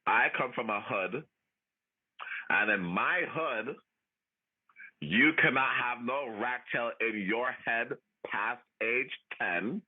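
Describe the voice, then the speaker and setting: A man hosting a livestream, chatting and ranting in a loud, profane, sassy way with frequent laughs. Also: medium pitch, breathy edge. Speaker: livestream host. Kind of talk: casual chat, ranting. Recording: tinny phone-like audio.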